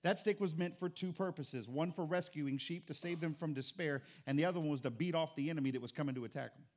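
A middle-aged man preaching a sermon as pastor, with dynamic delivery that swings from quiet to loud. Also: on the high side, fast.

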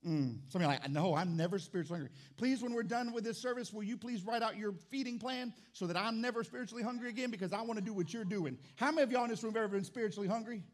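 A middle-aged man preaching a sermon as pastor, animated and comic, swinging between loud bursts and quiet asides while telling a story. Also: very high voice, very fast, hardly any pauses.

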